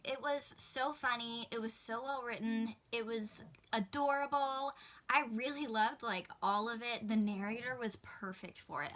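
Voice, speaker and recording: Bright-voiced young woman gushing about books. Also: mid-range voice. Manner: chatty, gushing, laughs easily. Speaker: book vlogger. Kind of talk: casual book talk to camera.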